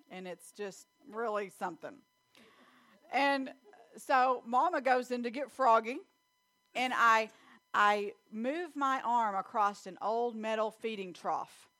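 A middle-aged woman preaching a sermon, telling a childhood story in quick, animated bursts. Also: on the high side.

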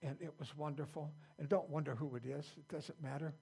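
Older gravelly-voiced pastor, plain-spoken. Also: male voice, fairly high pitch, fairly even intonation, a little fast, dark tone. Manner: plain-spoken, folksy, repeats himself. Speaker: pastor and church founder. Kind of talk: informal sermon. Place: church.

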